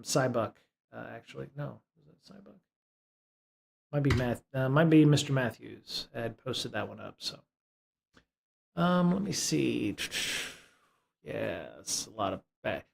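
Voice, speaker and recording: A man hosting a live stream in a loose, rambling way. His voice sits at an average pitch. He talks with plenty of fillers and restarts. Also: unhurried, gravelly, pauses often, slight background noise. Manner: high-pitched baby talk to his cat. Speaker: streamer and host. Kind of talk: casual live-stream chat.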